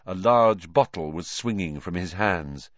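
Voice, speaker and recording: A man reading a children's novel aloud as narrator, in an expressive, animated storytelling manner. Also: deep voice, a little slow, no room sound, dull audio. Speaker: audiobook narrator.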